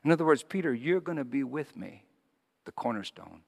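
A man's voice: mid-range voice, big pitch swings, fairly quick, creaky. A middle-aged man preaching a sermon in a conversational storytelling way, often restarting his phrases. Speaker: pastor. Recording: long reverb of a large hall.

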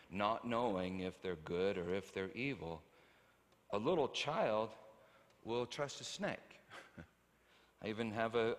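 A man preaching a sermon, a father telling stories about his children, animated, swinging from loud to hushed. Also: fairly low pitch, in a large hall. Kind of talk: sermon with acted anecdotes.

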